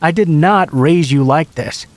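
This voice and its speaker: Loud older Filipino mom scolding her kid, strong accent, pitched up high; a man doing the voice. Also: a little slow, dry recording, natural voice.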